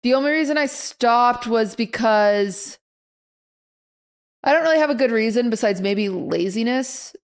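A young woman co-hosting a podcast in casual chat, telling stories in an animated way and acting out other people's reactions. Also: fairly high pitch, unhurried. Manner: animated storyteller who acts out quoted reactions. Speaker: podcast co-host.

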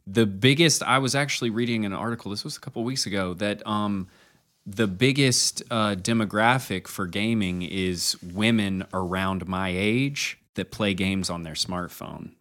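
A man's voice: on the low side, normal speed, a bit bright. A man co-hosting a casual podcast, agreeable and easygoing, filling his talk with "like" and "you know". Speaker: podcast co-host.

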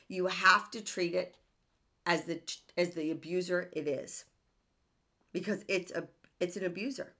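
A woman's voice: medium pitch, pushed and bright. A woman hosting a self-help podcast, speaking earnestly and emphatically and often asking rhetorical questions. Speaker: podcast host.

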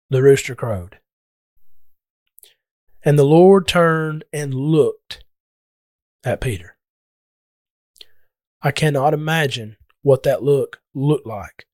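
A man's voice: medium pitch, takes it slowly, pauses often, darkish tone, no room sound, studio quality. A man preaching a Bible lesson, reading scripture in an earnest, emphatic way.

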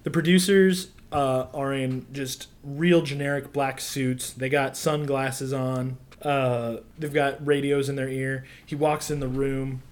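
A game master describes scenes for a tabletop game, often stopping and restarting mid-sentence. The voice sits in a middle pitch. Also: flat delivery. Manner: halting, many fillers and restarts.

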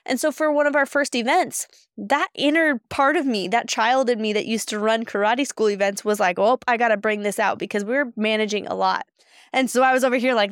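Passionate woman with a bright, clear voice. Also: on the high side, fairly quick, no echo, studio quality. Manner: energetic, passionate storyteller. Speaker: podcast co-host. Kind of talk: casual chat.

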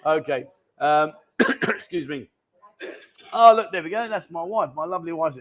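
A man's voice: on the high side, moderate pace. A man hosting a casual live-stream chat from a bar, jokey and chatty as he reads out viewer questions. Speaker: host. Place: indoor bar.

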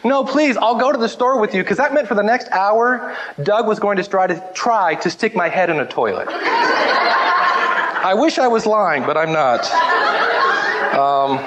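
High-voiced man telling lively, funny stories. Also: heavy background noise. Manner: animated, humorous, acts out voices in anecdotes. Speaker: speaker sharing memories of his mother. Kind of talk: storytelling talk to a live audience.

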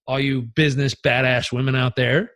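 A man coaching as a podcast guest, telling stories in an energetic, emphatic and casually profane way. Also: medium pitch, moderate pace. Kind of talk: podcast interview storytelling.

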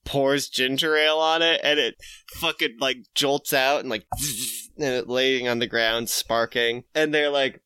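Casual male co-host, bright and forceful, quick voices for characters. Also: mid-range voice, fairly even intonation, clear, resonant tone, no room sound, studio quality. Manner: laughs often, puts on quick voices for characters. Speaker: podcast co-host retelling a comic. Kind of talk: casual comedic recap chat.

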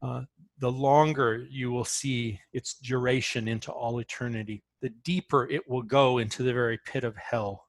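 A man's voice: mid-range voice, steady tone, normal speed, no room sound. A man speaking as an author in an interview, talking earnestly and often restarting his phrases as he tells a story.

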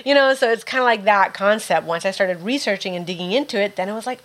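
A woman's voice: mid-range voice, fast, few pauses, fairly bright tone. A woman talking candidly as an interview guest, swearing casually and often restarting her sentences.

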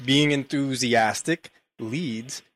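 A man's voice: medium pitch, takes it slowly, a bit bright, no room sound, studio quality. A man co-hosting a podcast, joking in a playful, wry way. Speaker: podcast co-host. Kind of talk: casual banter.

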